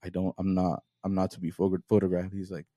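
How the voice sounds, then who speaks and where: A man with a lowish voice talks quickly, spinning a long, profane story in loose podcast banter. The sound is dry and close, with no room around it. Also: completely flat delivery, warm tone, no room sound. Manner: rambling, profane, laughs while retelling. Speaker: podcast host. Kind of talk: casual chat, storytelling.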